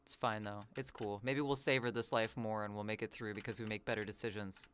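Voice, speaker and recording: A variety streamer chatting casually while gaming, rambling playfully, drifting into musing asides and reacting to chat with quick exclamations. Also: mid-range voice, fairly even intonation, fairly bright tone, smooth.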